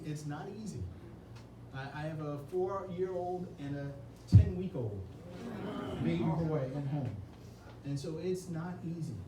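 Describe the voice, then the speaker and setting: A man giving an earnest, emotional campaign speech at an indoor reception, telling a personal story. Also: on the high side. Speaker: Senate candidate. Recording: echoey room, mic far off, noisy.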